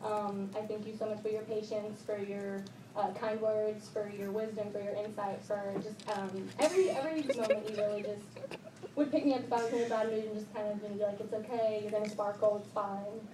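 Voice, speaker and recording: Teen girl, bubbly rambling speech, distant, loud room noise behind. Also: medium pitch, fairly even intonation, fairly quick. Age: teens. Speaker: high school golfer giving a banquet speech. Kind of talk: heartfelt thank-you speech. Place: banquet room. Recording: echoey room from far off with loud ambience.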